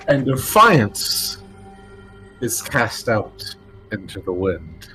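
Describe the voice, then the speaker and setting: A man narrating as dungeon master in a tabletop game, slow and dramatic. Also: on the low side, very animated, pushed and bright, faint music behind, poor audio.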